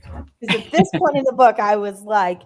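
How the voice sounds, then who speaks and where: A woman's voice: on the high side, lively intonation, normal speed, a little mellow, a little hiss or hum. A woman co-hosting a reading livestream, talking casually and chattily with plenty of fillers. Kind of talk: casual chat.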